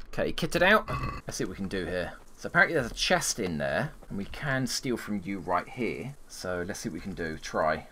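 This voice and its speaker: A man's voice: low-pitched, very animated, a little fast, pushed and bright, a little hiss or hum. A man streaming a medieval role-playing game, muttering asides and talking back to the characters on screen. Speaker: gaming streamer. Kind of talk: let's play commentary.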